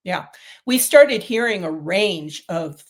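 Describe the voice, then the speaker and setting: Speaking slowly with lively intonation and a fairly low pitch, this middle-aged woman is a guest on an interview. The developer of a diet protocol, she tells long, rambling stories packed with fillers and false starts.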